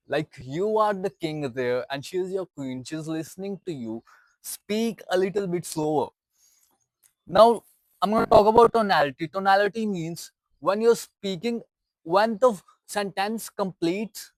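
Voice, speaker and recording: A man with a high voice and an Indian English accent gives dating advice straight to camera. He is instructive and drives points home by repeating them. The sound is dry and close, with no room echo. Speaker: dating coach.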